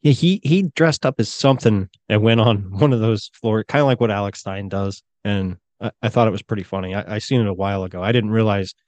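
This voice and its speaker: A man's voice: lowish voice, a little fast, few pauses, a little mellow, dry recording. A man co-hosting a podcast, chatting in a laid-back way with short replies. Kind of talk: casual chat.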